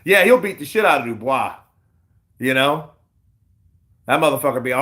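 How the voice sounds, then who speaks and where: Hyped, bright-voiced man on a live stream. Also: mid-range voice, moderate pace, pauses often. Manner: excitable, profane, laughing often. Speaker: boxing news host. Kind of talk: casual live-stream commentary.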